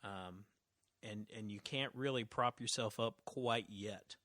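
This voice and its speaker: A man narrating a tabletop game as game master, relaxed, with many fillers and restarts. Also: on the low side, measured pace, no echo.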